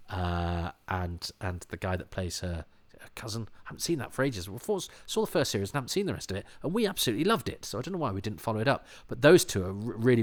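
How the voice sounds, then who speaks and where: A British man chatting casually on a podcast, full of false starts and repeated words, with chuckling asides. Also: fairly low pitch. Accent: British English. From Britain. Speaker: podcast commentator. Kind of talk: casual chat.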